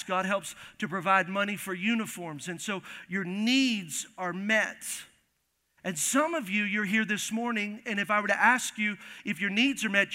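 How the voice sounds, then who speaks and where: Male pastor, high and piercingly bright, emphatic repeating preacher, church hall with long reverb. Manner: emphatic, repeats phrases, addresses congregation directly. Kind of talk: sermon. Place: church sanctuary.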